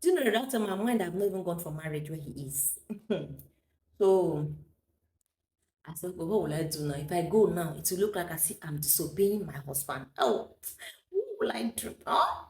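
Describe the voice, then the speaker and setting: A woman's voice: lowish voice, expressive, normal speed, a little mellow, echoey room. A woman with a Nigerian accent, a vlogger chatting through a personal story, slipping into Pidgin English and laughing often.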